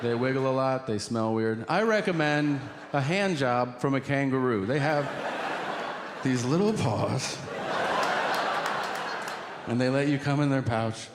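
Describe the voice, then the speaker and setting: A man's voice: medium pitch, a little slow, pauses often, very noisy. A male stand-up comedian telling a story on stage, acting out each side of the dialogue. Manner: animated storytelling, acting out both sides of dialogues. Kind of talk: stand-up set. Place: theater stage. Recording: live in a big hall with loud ambience.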